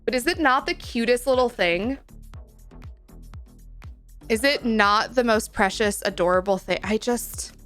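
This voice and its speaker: A woman's voice: fairly high pitch, unhurried, long pauses, a bit bright, faint music behind. A young adult woman streaming live, chatting casually and bubbly, reading chat and using cutesy slang.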